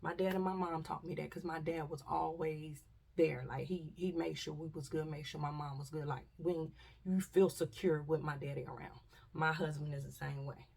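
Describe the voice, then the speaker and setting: A woman's voice: sits low, fairly even intonation, moderate pace, gravelly, darkish tone, slightly rough, far from the mic. A woman vlogger, telling a story casually and animatedly, acting out voices and dropping to whispers.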